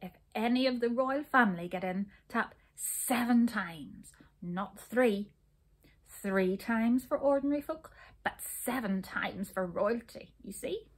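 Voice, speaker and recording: A woman reading a storybook aloud, voicing a sly, scheming witch who talks slowly and coaxingly in a hushed, breathy voice. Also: on the high side. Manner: slow, coaxing and conspiratorial.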